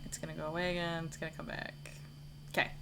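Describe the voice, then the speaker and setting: A woman's voice: sits low, flat delivery, quick pace, creaky, background noise. A woman streaming a video game live, chatting casually and a little tired, with a rambling way of talking full of fillers and restarts. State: tired, yawning. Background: faint buzzing of lights.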